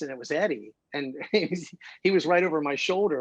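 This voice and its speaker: Male guest, slightly high voice, dry close sound, rambling excited storyteller. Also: fast talker, no room sound, poor audio. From Columbus, Ohio. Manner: rambling, excitable anecdotes with many fillers. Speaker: guest musician. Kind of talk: casual interview storytelling.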